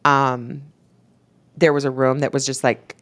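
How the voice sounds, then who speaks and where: A woman, a podcast co-host telling stories in casual chat, acting out quotes and using lots of "like". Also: a little slow. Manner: animated storyteller, acts out quotes with a jumping pitch; many "like" fillers. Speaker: podcast co-host and real estate agent.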